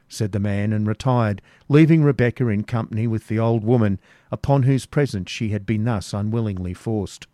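A man reading a novel aloud as narrator in a steady, measured way. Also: lowish voice, no room sound, clean studio sound. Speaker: audiobook narrator. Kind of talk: scripted narration.

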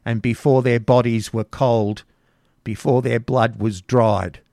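Man voicing a bitter old hag, muttering, scornful, gravelly, dry recording. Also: medium pitch, steady tone, slow pace, mellow, dry recording.

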